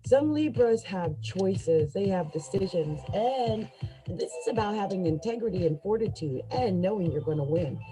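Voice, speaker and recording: A woman gives a casual tarot reading in a chatty, upbeat way, talking straight to the listener and breaking into quick laughs. Her voice sits at a middle pitch for a woman. Clear music plays underneath her. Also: expressive, warm tone, low-quality recording. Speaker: tarot reader.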